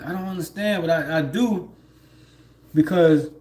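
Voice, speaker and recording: A man's voice: fairly high pitch, unhurried, darkish tone. A man, livestreaming from home, rambling in a laid-back way with lots of fillers and laughs. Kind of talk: casual spiritual monologue.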